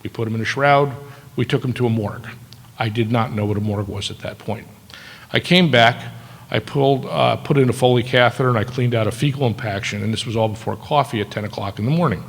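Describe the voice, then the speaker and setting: A man's voice: medium pitch, quick pace, gravelly. A man in his sixties giving a storytelling ceremony speech as keynote speaker, with dry, self-deprecating humor. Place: large auditorium. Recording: echoey hall with long reverb.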